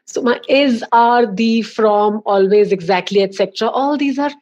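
Emphatic Indian woman coaching, higher voice. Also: moderate pace, a little mellow. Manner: instructive, emphatic, gives examples. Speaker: communication coach, guest. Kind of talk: podcast interview, advice.

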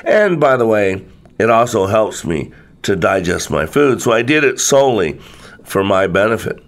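A man doing a sly, smooth-talking coyote. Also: on the low side, big pitch swings, normal speed, pitched below the performer's own voice. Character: sly selfish male coyote trickster.

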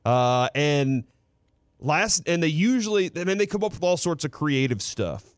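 A man hosting a sports radio show in a studio, pausing on "uh" fillers and turning animated as he retells a story. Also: a little high, smooth, no echo. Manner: halting, many "uh" fillers, animated when retelling. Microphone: studio microphone.

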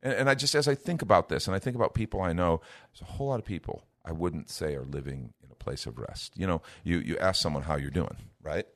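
A man with a low, deep voice teaches from the Bible in a relaxed, conversational tone. He is a middle-aged minister with an earnest delivery who brightens into playful voices when imitating people. The sound is dry and close, with no room around it. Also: fast talker, hardly any pauses, no room sound. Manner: earnest, lifts his voice to act out everyday speech.

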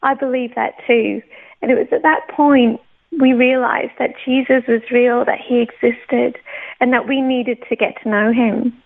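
A woman with a fairly high voice tells her own faith story in an animated, heartfelt way. She keeps dropping in "you know" and circles back over her words as she goes. The sound is thin and narrow, like a phone line. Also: normal speed. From United Kingdom. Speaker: worship pastor. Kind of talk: personal faith testimony in a radio interview.

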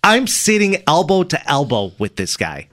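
Man, morning radio host, studio mic, fairly high voice, swooping lively delivery, chatty storyteller. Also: normal speed, no echo. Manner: animated, laughing storyteller with frequent restarts. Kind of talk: casual on-air storytelling. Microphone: studio microphone.

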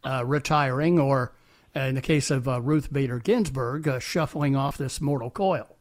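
A man's voice: mid-range voice, moderate pace. Opinionated male radio host. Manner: opinionated, rhetorical questioning. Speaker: radio talk show host. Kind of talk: call-in radio talk.

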